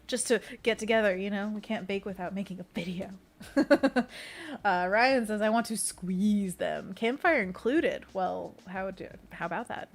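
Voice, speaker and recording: A woman illustrator on a casual livestream, talking while she draws, reading chat aloud and making little sound effects. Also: medium pitch. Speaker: illustrator streaming a sketching session.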